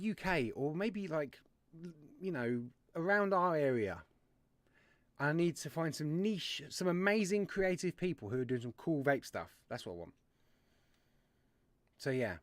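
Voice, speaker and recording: A man's voice: high voice, dry recording. A man hosting a casual livestream, chatty and jokey as he greets viewers by name. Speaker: livestream host. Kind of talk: casual live-stream chat.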